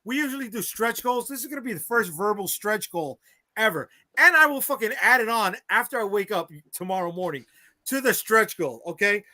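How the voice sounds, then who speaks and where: A young man hosting a livestream, talking in loud, casual banter peppered with curses. His voice sits high and sounds bright and forceful. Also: expressive, brisk, dry recording. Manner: loud, swearing, laughing often. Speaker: comics publisher hosting a crowdfunding livestream.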